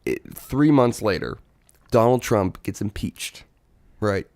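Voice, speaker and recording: Low-voiced joking man on a podcast. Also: very animated, slow pace, gravelly, darkish tone, no echo, clean studio sound. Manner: joking, laughs often, rambling. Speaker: podcast co-host. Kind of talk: casual comedic chat.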